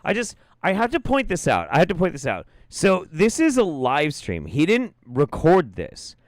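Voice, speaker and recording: Lively, dry-sounding man riffing. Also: fairly high pitch, normal speed, no echo. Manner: amused, profane, chatty. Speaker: host reacting to a clip. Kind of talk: casual commentary.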